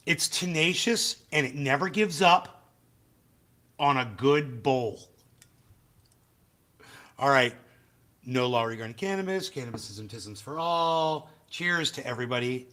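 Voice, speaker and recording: Here a livestream host with a mid-range, animated voice speaks unhurriedly, pausing often, his tone sharp. His casual rant is blunt and profane, and he keeps chatting with viewers in the live chat.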